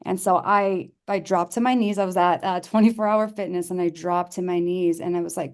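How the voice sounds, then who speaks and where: A woman's voice: fairly low pitch, steady tone, brisk, few pauses, darkish tone. A middle-aged woman, a podcast guest, telling a personal story in casual conversation, earnest and heartfelt, often restarting her sentences and acting out what people said. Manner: earnest, with many restarts and reenacted dialogue.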